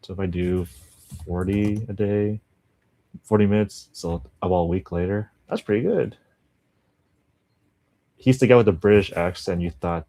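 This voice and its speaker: A man's voice: on the low side, moderate pace, long pauses, warm tone. A man livestreaming his language study, chatting casually with viewers, rambling and laughing often. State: just woke up.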